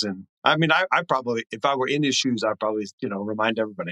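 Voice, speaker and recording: Male podcast guest, middle-aged, bright forward tone, dry sound, earnest and reflective. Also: lowish voice, rapid-fire, hardly any pauses, no echo, rough recording. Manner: earnest, reflective, lots of "you know". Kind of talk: casual chat.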